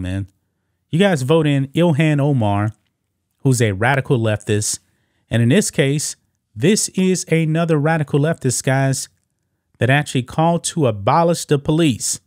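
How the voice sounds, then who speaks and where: A man's voice: fairly high pitch, darkish tone, no room sound. Male commentary host, mocking, casual, dry close mic. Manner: mocking, addresses viewers as guys.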